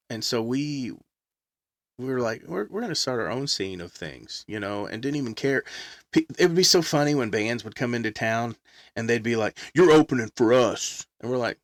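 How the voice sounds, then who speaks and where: Animated man telling band stories. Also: mid-range voice, dry recording, clean studio sound. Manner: animated, acts out quotes, laughs often. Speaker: guest musician. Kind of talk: casual storytelling chat.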